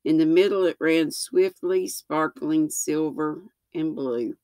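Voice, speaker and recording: Low-voiced and gentle, this sixty-something storyteller reads a children's book at an unhurried pace. She stumbles now and then and fixes each slip, with no room sound in the clip.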